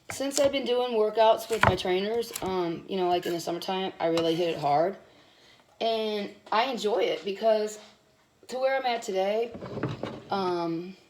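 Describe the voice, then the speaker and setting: A woman's voice: medium pitch, a little hiss or hum. A woman cooking in her home kitchen, talking in a blunt, rambling, chatty way while sick with bronchitis. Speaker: cooking vlogger. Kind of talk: casual chatty cooking vlog.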